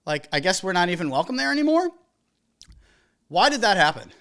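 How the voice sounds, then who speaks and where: Animated wedding DJ podcast host with a lively, wide-ranging delivery who acts out the people in the stories. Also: medium pitch, fairly quick. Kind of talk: casual podcast monologue giving business advice.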